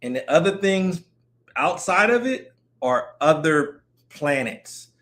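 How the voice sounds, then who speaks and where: A man's voice: on the high side, very animated, takes it slowly, fairly bright tone. A man chatting casually on a live stream, rambling and joking while greeting viewers as they come in. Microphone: streaming setup mic.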